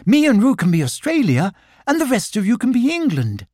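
A man's voice: extremely high pitch, wildly swooping pitch, a little fast, darkish tone, dry recording, studio quality, voice pushed up, exaggerated voice. A man voicing a motherly, decisive female kangaroo in a storybook reading, firm and forthright.

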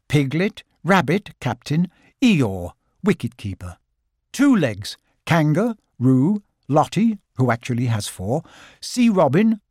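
Male storybook narrator, gentle and expressive, animated, dry booth. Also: on the high side, dry recording. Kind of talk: audiobook narration.

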